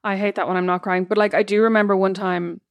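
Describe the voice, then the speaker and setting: A woman's voice: mid-range voice, flat delivery, fast talker, vocal fry, clear, resonant tone, no echo. A woman co-hosting a casual chat podcast, talking things through with lots of "like" and "you know". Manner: reflective, talks things through with many fillers. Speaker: podcast co-host.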